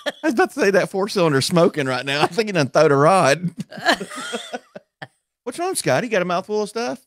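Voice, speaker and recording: A man's voice: high-pitched, sing-song, moderate pace, a bit bright, no room sound, clean studio sound. A man on a radio show tossing in wisecracks and chuckling asides. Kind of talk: bawdy studio banter.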